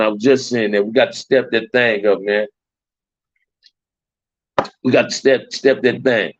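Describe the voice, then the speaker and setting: A man's voice: medium pitch, no echo. A middle-aged man from Compton, hosting a loose, slangy livestream chat and often repeating his phrases. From Compton, Los Angeles. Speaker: livestream host. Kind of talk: casual livestream chat with viewers. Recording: dull, dry lo-fi stream audio.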